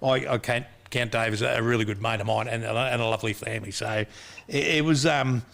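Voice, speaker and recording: A man's voice: mid-range voice, fairly even intonation, quick pace, creaky, a bit bright. An Australian man hosting a live show, matey and chatty, often adding "you know what I mean". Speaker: host. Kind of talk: casual live chat.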